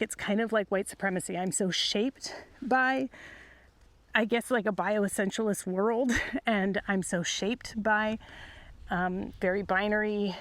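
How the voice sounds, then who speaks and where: A woman's voice: mid-range voice, gravelly. A middle-aged woman recording a casual voice memo outdoors by her horses. She talks in a reflective, confiding way and laughs often. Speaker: podcast host. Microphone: phone voice memo.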